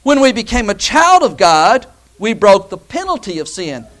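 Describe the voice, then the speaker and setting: A man's voice: sits high, sing-song, normal speed, a bit bright. A man preaching a sermon as pastor, emphatic and calling his listeners beloved and brother.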